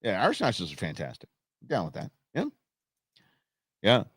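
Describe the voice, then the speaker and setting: Animated ranting man hosting a live show. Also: on the low side, moderate pace, slightly rough, no room sound, studio quality. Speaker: host. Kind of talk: live stream commentary. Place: Phoenix.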